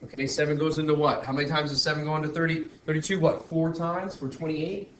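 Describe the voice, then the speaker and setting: A man's voice: on the high side, level tone, fast, fairly bright tone, muffled recording. Man talking through a math lesson. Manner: talks through steps while working, many restarts and self-corrections. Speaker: math teacher. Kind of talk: screen-recorded math lesson. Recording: roomy echo, faint background noise.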